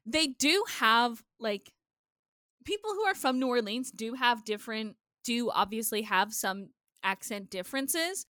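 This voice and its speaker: A woman's voice: fairly high pitch, expressive, unhurried, sharp tone, no room sound, studio quality. A woman co-hosting a podcast, chatting casually and ranting with profanity. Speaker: podcast co-host. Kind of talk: casual chat.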